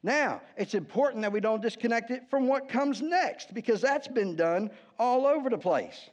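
High-voiced pastor preaching conversationally. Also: male voice, lively intonation, moderate pace. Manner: conversational, asks the congregation "right?" often, wry humor. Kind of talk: sermon.

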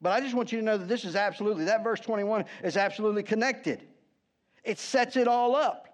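A man preaching with a fairly high voice, talking to his congregation in an easy, conversational way with dry humor. He drops low and quiet on key words, then lifts his voice for emphasis. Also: fast talker. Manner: conversational, asks the congregation "right?" often, wry humor. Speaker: pastor. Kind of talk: sermon.

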